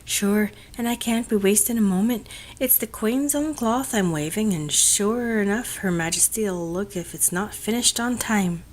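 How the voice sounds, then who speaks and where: A woman's voice: mid-range voice, measured pace, pitched above the performer's own voice, lightly acted. A woman voicing a plump, jolly old woman said to be a witch, chatty and secretive with old-country turns of speech. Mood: busy.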